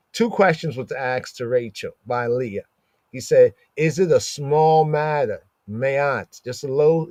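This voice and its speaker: A man giving a casual, lively scripture lesson, reading verses aloud and acting out the characters as he explains them. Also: on the high side, no room sound. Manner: conversational, animated, reads verses and acts out the characters. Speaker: Torah study teacher.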